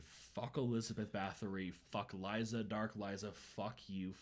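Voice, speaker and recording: A man's voice: on the low side, little pitch movement, measured pace, hardly any pauses. A man co-hosting a casual podcast chat, rambling and ranting with lots of swearing. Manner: rambling, profane, emphatic rants. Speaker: podcast co-host.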